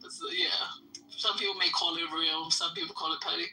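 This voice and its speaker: Teasing new lady laughing through a podcast chat, bright voice, a bit off mic. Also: on the low side, fairly even intonation, brisk, distant mic, a little hiss or hum, low-quality recording. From New York. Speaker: podcast co-host. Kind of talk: casual banter.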